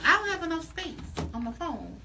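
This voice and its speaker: A woman co-hosting a radio show, chatty and animated. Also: very high-pitched, fairly quick, vocal fry, recorded from a distance, a crowd in the background. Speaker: radio co-host. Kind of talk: casual chat.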